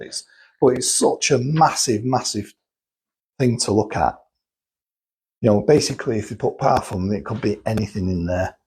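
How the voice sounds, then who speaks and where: A man's voice: fairly low pitch, unhurried, darkish tone, husky, rough recording. A man talking casually and explaining things step by step, thinking aloud and restarting sentences as he goes. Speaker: guest explaining cosmetic chemicals. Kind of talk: casual chat.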